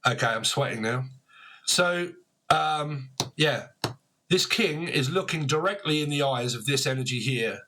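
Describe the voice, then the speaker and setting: A man's voice: medium pitch, lively intonation, unhurried, pushed and bright, slight background noise. A man giving a casual tarot reading to camera, rambling, swearing freely and laughing at himself. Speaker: tarot reader.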